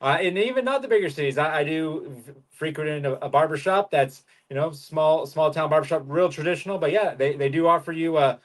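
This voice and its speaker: A man co-hosting a podcast in casual chat, talking hesitantly with many pauses and restarts. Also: a little high. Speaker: podcast co-host.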